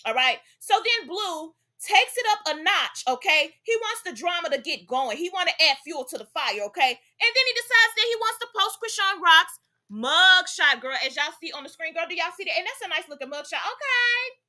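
A woman's voice: very high-pitched, expressive, normal speed, bright, forceful tone. A young woman hosting a celebrity gossip vlog, talking in a sassy, emphatic way and tagging her points with "okay?". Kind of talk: chatty gossip commentary.

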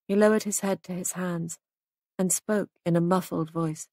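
Reading an audiobook, a woman keeps her storytelling steady and measured. Her lowish voice is captured in clean studio sound without echo.

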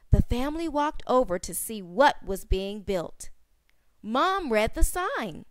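Brief: woman phonics teacher, slow and clear, repeats each sound softly. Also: fairly high pitch, sing-song, no room sound, clean studio sound. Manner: stretches and repeats sounds, drops to soft repeats. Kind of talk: slow storybook phonics reading.

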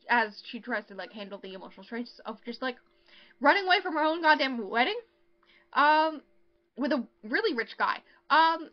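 Woman, podcast co-host, chatty, acts out dialogue, high voice, muffled audio. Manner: chatty, lots of ums, acts out characters' lines. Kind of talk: casual book recap.

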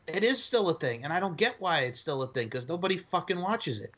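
A man co-hosting a casual wrestling podcast, animated and mocking, swearing freely. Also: a little high, fairly quick. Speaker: podcast co-host.

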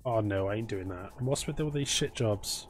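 A man's voice: on the low side, moderate pace, husky, soft background music. A man live-streaming a game, chatting casually and teasing and thanking viewers by name. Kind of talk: casual live-stream chat while gaming.

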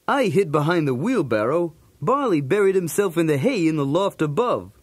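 High, bouncy, streetwise cartoon dog narrating a toy story tape; dry close sound. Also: male voice, sing-song, moderate pace, husky, no echo. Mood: breezy. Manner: jokey, streetwise, punning. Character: cool wisecracking male cartoon dog.

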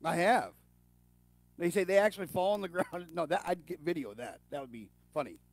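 A man's voice: fairly high pitch, fairly quick, no room sound. A man preaching in a casual, folksy way, with fillers and restarts, speaking with his congregation rather than at them. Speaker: pastor. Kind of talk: conversational sermon.

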